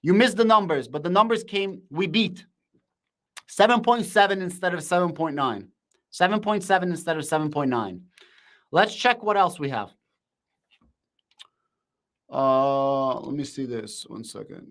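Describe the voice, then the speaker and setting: A man hosting a live stream, shouting with excitement in casual slang and answering viewers' comments. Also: a little high, unhurried, long pauses. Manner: shouting, hyped, slangy, reads chat aloud.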